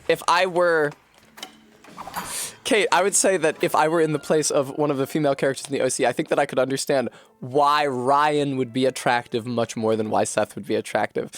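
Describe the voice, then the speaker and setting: A man streaming a game from his home setup talks in loose, rambling asides, full of jokes and swearing. His voice sits a bit higher than most men's. Soft game music plays faintly underneath. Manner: joking, profane, rambling asides. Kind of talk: casual chat while gaming on stream.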